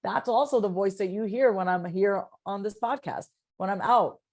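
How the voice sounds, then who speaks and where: At a normal pace and medium pitch, a woman guest on a podcast talks with casual energy. She repeats words as her point takes shape, especially when excited, and coaches herself audibly.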